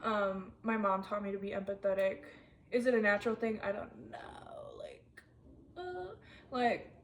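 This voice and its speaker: Medium in pitch and moderate in pace, a twenty-something woman's voice comes through over slight background noise. As a vlogger, she's rambling chattily and candidly to camera in a confessional style, full of fillers and "like."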